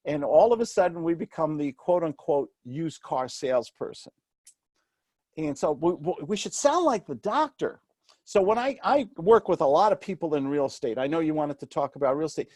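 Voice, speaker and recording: Man, New York accent, middle-aged, slightly high voice, animated, self-questioning, dry close mic. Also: normal speed, dry recording. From New York City. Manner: lively, acts out quoted voices, asks himself questions. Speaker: guest, real estate and sales mentor. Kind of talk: animated interview talk.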